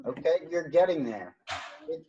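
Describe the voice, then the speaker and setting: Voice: medium pitch, lively intonation, normal speed, warm tone, slightly rough. An instructor teaching an online science workshop, explaining step by step in an encouraging way over a video call. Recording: dull lo-fi video call audio.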